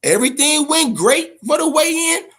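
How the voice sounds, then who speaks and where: A man with a high voice hosts a boxing talk show. He rambles, swears often and tells his stories with a lot of energy. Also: normal speed. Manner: profane, rambling, animated. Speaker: host.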